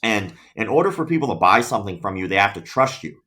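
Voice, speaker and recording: A man's voice: fairly low pitch, fast. A man, a podcast guest chatting casually and acting out people in his stories. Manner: animated storyteller, acts out quoted voices. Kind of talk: casual interview chat.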